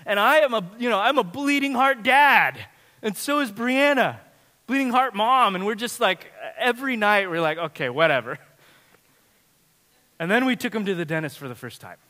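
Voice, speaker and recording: A man in his thirties preaching a sermon as a dad telling family stories, animated and swinging from loud to hushed. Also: very high-pitched, moderate pace. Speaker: pastor. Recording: long hall reverb.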